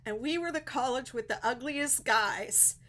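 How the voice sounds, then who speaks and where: Hosting a casual crochet livestream, this middle-aged Pittsburgh woman has a high-pitched, sharp voice and keeps a measured pace. Her Pittsburgh accent comes through as she chats, rambles and cracks herself up with her own jokes.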